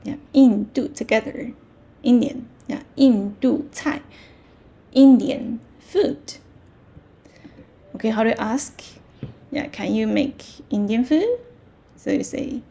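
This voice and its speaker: A woman teaching a language lesson, repeating words slowly and checking that learners follow. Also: sits high, gravelly, mellow. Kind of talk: slow, patient language lesson.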